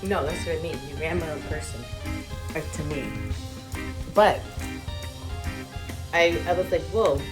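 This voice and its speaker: A woman chats casually in a low voice, hesitating and filling gaps with fillers. She sits back from the mic, so she sounds quiet. Music plays behind her. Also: measured pace, pauses often. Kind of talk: casual chat.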